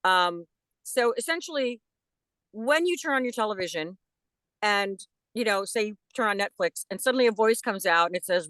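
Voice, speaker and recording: A middle-aged actress, a guest on a video call interview, explaining her work in a casual, lively storytelling way. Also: medium pitch, moderate pace, no room sound.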